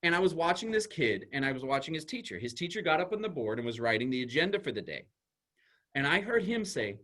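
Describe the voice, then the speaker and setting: A man, a school psychologist, giving an animated presentation to an audience and explaining ideas through everyday examples. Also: on the high side, quick pace.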